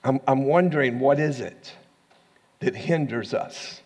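A man with an American accent preaching a sermon as pastor, swinging from hushed asides to loud, rising lines and laughing often. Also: mid-range voice, a little slow, big-room sound.

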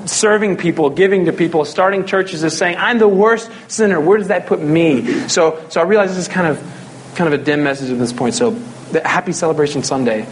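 A man's voice: a little high, fairly quick, a little hiss or hum. A young man preaching a sermon as a pastor, in a casual, conversational way with jokes.

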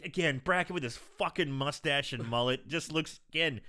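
A man's voice: a little high, moderate pace, bright, forceful tone. A man co-hosting a casual chat, joking and swearing in banter about a film. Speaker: podcast co-host.

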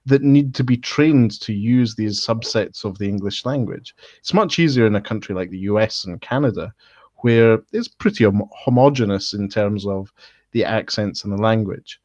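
A man's voice: lowish voice, moderate pace, darkish tone, no room sound. Matter-of-fact male podcast host. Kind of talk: casual podcast discussion. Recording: dry lo-fi audio.

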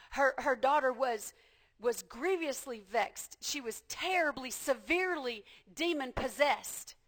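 Woman preacher, high voice, repeats herself, rises to shouting. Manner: passionate, builds to shouting, repeats phrases. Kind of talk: sermon.

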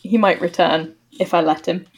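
A woman's voice: on the low side, steady tone, normal speed, slightly rough. A woman on a video call, chatting casually as a podcast co-host, laughing often and mocking herself. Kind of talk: casual chat.

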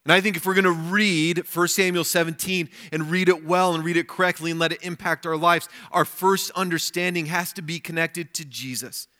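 Bright-voiced male pastor preaching. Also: fairly high pitch, steady tone, brisk, few pauses. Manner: reads scripture aloud and comments on it. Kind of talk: sermon.

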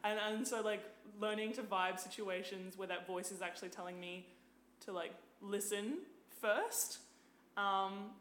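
A woman's voice: mid-range voice, a little slow, roomy sound, a little hiss or hum. A young woman, a podcast guest, chatting casually, full of "like" and swearing freely. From Australia. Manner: animated, swears freely, lots of "like". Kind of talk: casual chat.

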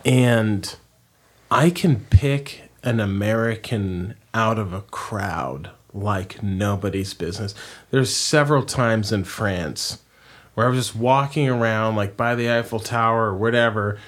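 Husky excitable podcast guy. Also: lowish voice, unhurried. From Oregon. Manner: excitable storyteller, swears a lot. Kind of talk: casual chat.

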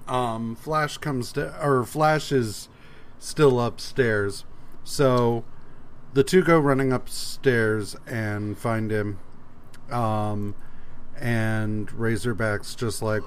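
A man co-hosting a casual podcast, recapping calmly with many pauses and fillers. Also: mid-range voice, slight background noise. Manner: relaxed, hesitant, many fillers. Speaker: podcast co-host. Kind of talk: casual comics podcast chat.

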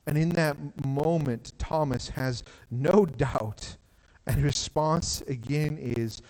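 A man's voice: on the high side, slow, a little mellow. Guy pastor preaching on a church stage, chatty, lots of "like", hall reverb trailing. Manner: conversational preaching with frequent "like" and restarts. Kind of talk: sermon.

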